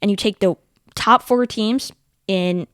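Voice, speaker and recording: A young man co-hosting a casual sports talk show, eagerly explaining teams and tournaments in quick runs of facts. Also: high-pitched, a bit bright, no room sound, clean studio sound.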